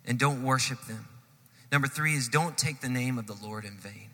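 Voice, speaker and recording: A man preaching a sermon, telling a story with animated swells and sudden drops in loudness. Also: mid-range voice, moderate pace, big-room sound. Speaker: pastor.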